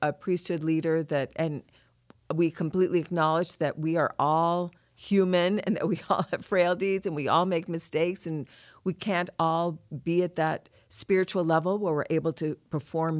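A woman with a lowish voice co-hosts a podcast scripture lesson, working through a passage in an earnest, heartfelt, reflective way. The recording is dry, with clean studio sound.

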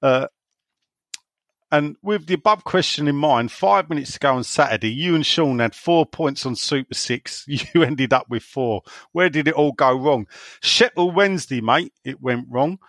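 A man's voice: fairly high pitch, lively intonation, moderate pace, a bit bright, no echo, clean studio sound. A man from England hosting a casual podcast, reading out listener questions in a rambling, sweary way and laughing often. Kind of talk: casual chat.

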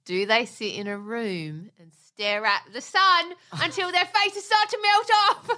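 Female co-host with a bright, sharp voice; dry and sarcastic, cuts in playfully. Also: sits high, measured pace. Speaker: podcast co-host. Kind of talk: casual chat.

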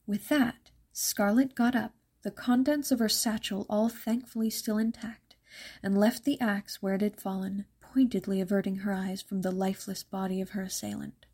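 A woman narrating a dark fairytale in a measured, even storytelling manner. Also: medium pitch, husky.

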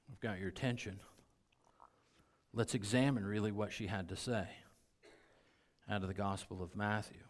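Emphatic middle-aged male preacher. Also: on the low side. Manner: emphatic, repeats key phrases, drops to quiet intensity. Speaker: pastor. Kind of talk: sermon.

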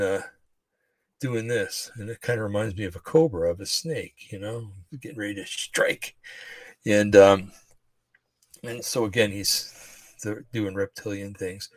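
A man's voice: on the low side, no room sound. A man rambling through religious commentary on a livestream, slightly out of breath, full of fillers and restarts. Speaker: podcast host.

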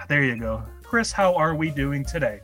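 A man's voice: a little high, expressive, measured pace, bright, forceful tone, soft background music. A man hosting a casual movie review podcast, joking and upbeat, pushing his co-host for more energy.

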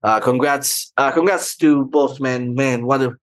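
A man's voice: mid-range voice, measured pace, no room sound. A man with a Filipino accent co-hosting a podcast, rambling through his thoughts with many fillers and Tagalog mixed into English. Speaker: podcast co-host. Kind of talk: casual podcast chat.

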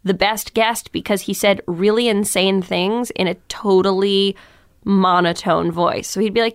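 A young woman chatting as a podcast guest, telling animated stories and acting out quotes, with lots of "like". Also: medium pitch, normal speed, smooth, no echo, clean studio sound. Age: young adult. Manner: chatty, heavy use of "like"; animated, quotes others in changed voices. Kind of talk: casual chat.

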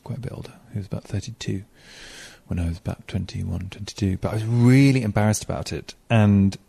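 A man's voice: lowish voice, steady tone, fairly quick, gravelly, mellow, slightly rough. A middle-aged man hosting a podcast, reading listener emails aloud with chatty, playful asides. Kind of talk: casual chat.

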